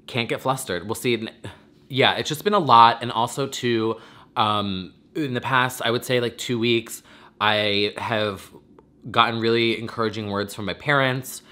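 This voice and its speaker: A man's voice: mid-range voice, pushed and bright. A man hosting his own vlog, talking in a rambling, effusive and emotional way, teary and close to crying. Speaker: vlogger and podcast host. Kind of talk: casual emotional vlog monologue.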